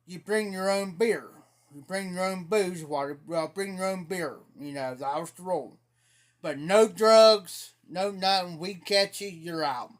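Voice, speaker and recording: A man's voice: high-pitched, moderate pace. A man casually telling a rambling, folksy story on a live stream, laughing at his own tale.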